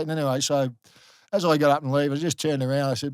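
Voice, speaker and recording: A man's voice: mid-range voice, very fast, smooth, no room sound, clean studio sound. A middle-aged Australian man, a former rugby league player, telling stories in a casual podcast interview, full of fillers and restarts. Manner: animated storyteller, many fillers and restarts.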